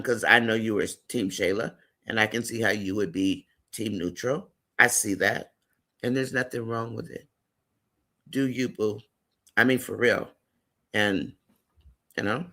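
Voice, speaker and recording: A man's voice: mid-range voice, bright, forceful tone. A man hosting a casual live-stream chat, reading viewer comments aloud and greeting and affirming viewers by name.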